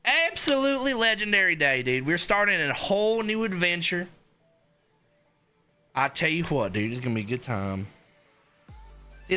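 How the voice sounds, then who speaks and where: Hyped young male streamer, bright and lively. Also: on the high side. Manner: hyped, rambling, filler-heavy. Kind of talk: casual live-stream chat.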